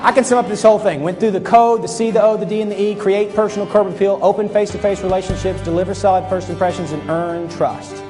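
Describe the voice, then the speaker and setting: A man's voice: sits high, steady tone, quick pace, hardly any pauses, a little mellow, faint music behind, some chatter behind. A man giving a keynote talk on stage to a live audience, acting out little scenes in quoted voices. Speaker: keynote speaker.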